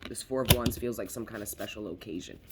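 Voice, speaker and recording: A man's voice: lowish voice, fast, heavy background noise. A man giving a casual tarot reading, talking in a rambling, emphatic way, swearing freely and repeating himself. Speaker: tarot reader.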